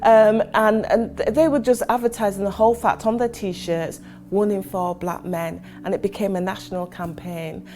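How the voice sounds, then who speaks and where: A woman's voice: medium pitch, steady tone, moderate pace, few pauses, dark tone, slight background noise. A woman who heads a community charity, telling stories in a conversational interview with fillers. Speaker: charity chief executive. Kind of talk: interview testimony.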